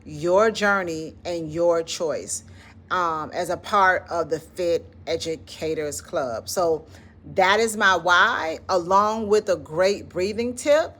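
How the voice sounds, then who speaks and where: A woman's voice: fairly low pitch, slow, a bit bright. A woman with a Southern US accent, founder of an educators' wellness club, talking casually and encouragingly about self-care while guiding a breathing exercise, often saying "listen" and "like". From Southern United States. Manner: encouraging, conversational, drops in "listen" and "like".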